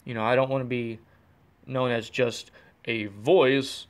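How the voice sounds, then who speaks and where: Rambling, excitable male podcast host. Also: medium pitch, unhurried, clean tone. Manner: rambling, self-deprecating, excitable. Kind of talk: casual solo podcast. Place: in a car on the road.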